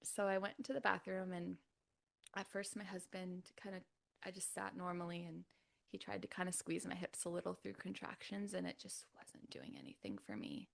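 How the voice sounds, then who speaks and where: Her voice sits on the low side with vocal fry, moving at a normal speed. She's a podcast guest from California, USA, recounting her birth story casually, soft-spoken and frequently sinking to a near-whisper, with laughs and lots of "like" between lines.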